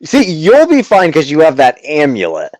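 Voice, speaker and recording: A man's voice: a little high, wildly swooping pitch, normal speed, a little mellow, no room sound, rough recording. A man running a tabletop game as game master, chatting casually with players and narrating dramatic scenes.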